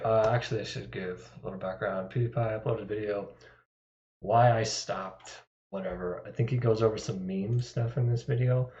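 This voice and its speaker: Rambling lower-voiced male streamer, echoey. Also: a little mellow. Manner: rambling, self-deprecating, chuckling asides. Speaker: live streamer. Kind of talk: casual live-stream chat. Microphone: desktop microphone. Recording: echoey, dull lo-fi sound.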